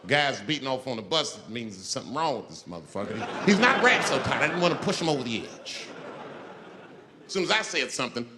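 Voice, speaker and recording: A male stand-up comedian telling a profane, animated story to a live audience. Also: medium pitch, fast talker. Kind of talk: stand-up routine. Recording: live show, crowd and noise.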